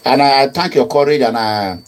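A man with a medium-pitched voice talks a little fast while hosting a live-streamed online call-in. He pleads, repeats himself, and slips into Nigerian pidgin.

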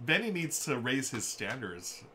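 A man's voice: mid-range voice, wildly swooping pitch, takes it slowly, over a noisy crowd. A man hosting a casual live stream of a board game, chatting with viewers and often breaking into laughter. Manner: giggly, keeps breaking into laughter. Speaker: livestream host. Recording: loud background noise.

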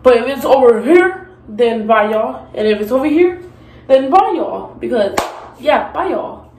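A woman's voice: fairly high pitch, animated, measured pace, a little mellow. A woman vlogging to the camera in a bathroom, hyper and playful, squealing and making beep noises. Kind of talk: casual vlog talk to camera. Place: grandmother's bathroom. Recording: echoey room with noise.

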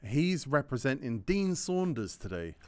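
A man hosting a casual football podcast, brisk and teasing as he introduces the panel. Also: mid-range voice, very animated, a little mellow, clean tone, no echo.

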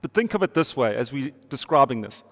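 A middle-aged South African pastor preaches a sermon online, emphatic and repetitive, using rhetorical questions and playful asides. His medium-pitched voice swings widely in pitch and runs a little fast, with long hall reverb on the recording.

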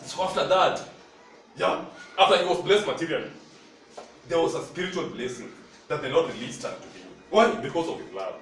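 A man's voice: on the high side, animated, a little fast, long pauses, a bit bright, a little hiss or hum. A man with a Kenyan accent preaching a sermon, mixing Swahili and English and calling on the congregation for responses. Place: church hall. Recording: echoey hall, mic at a distance.

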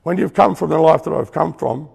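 A man's voice: a little high, fairly quick, gravelly, darkish tone, slightly rough, long reverb tail. A middle-aged Australian man giving an earnest, emphatic testimony sermon in a conversational way, with acted-out asides. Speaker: preacher.

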